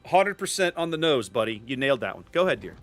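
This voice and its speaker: A man's voice: medium pitch, sing-song, fast talker, a bit bright, soft background music. A middle-aged man with a Cajun Louisiana accent, chatting upbeat as he hosts a live gameplay stream and greets his chat. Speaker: streamer host.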